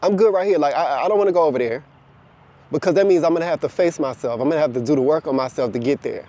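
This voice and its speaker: A man's voice: a little high, fast, warm tone, close to an everyday voice. A man voicing reluctant friends and family who refuse to change, sounding defensive and dismissive.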